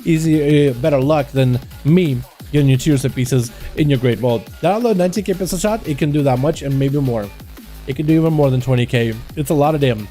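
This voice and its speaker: A man streaming live, commentating game duels in an excitable, chatty way and talking to his chat. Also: medium pitch, fairly quick, soft background music.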